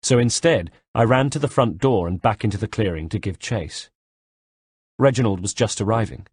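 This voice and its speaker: Male audiobook narrator, low breathy voice, dry close sound. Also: expressive, normal speed, no room sound. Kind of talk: first-person audiobook narration.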